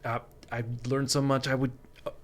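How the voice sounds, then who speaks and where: A man's voice: medium pitch, flat delivery, a little fast. A man talking as a guest on a podcast, rambling with many fillers and frequent laughs. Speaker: guest artist. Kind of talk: casual podcast chat.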